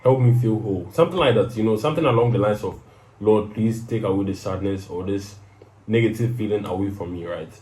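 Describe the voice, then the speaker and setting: Young man, casual motivational talk, keeps asking "right?", somewhat low voice, roomy echo. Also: a little fast, a little mellow. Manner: conversational, peppers sentences with "right?". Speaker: host of a personal advice show.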